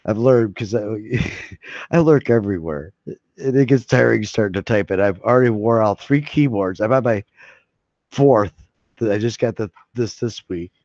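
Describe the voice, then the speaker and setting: A man's voice: on the low side, normal speed, a little mellow, no echo. Streamer host, male, loose rambling chatter with laughs, slightly muffled dry recording. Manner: rambling, laughing and swearing freely. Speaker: streamer hosting a live hangout. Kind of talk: casual live-stream chat. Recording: dry, slightly dull lo-fi sound.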